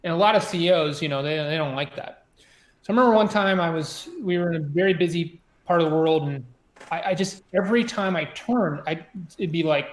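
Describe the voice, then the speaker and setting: Guy with a kinda high voice rambling thru a sub story, lots of "you know", roomy echo. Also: fairly quick. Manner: animated, frequent "you know" and "like", many restarts. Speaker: interview guest, former submarine officer. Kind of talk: conversational storytelling.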